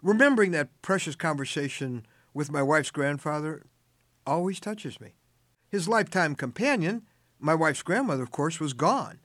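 A man's voice: a little high, lively intonation, moderate pace, fairly bright tone, dry recording, clean studio sound. An older man hosting a short radio devotional, telling a family story with earnest, tender emphasis.

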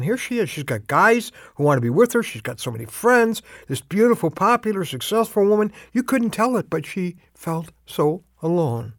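A man's voice: on the high side, dry recording. Earnest male radio preacher, dry studio. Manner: earnest, emphatic storytelling with dramatic pauses. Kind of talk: short radio devotional.

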